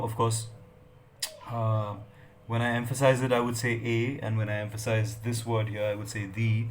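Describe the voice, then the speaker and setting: A man's voice: medium pitch, slight background noise. A middle-aged man, giving a lecture on academic writing with many fillers and checks of "right?". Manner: hesitant, many fillers and tag questions. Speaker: English lecturer.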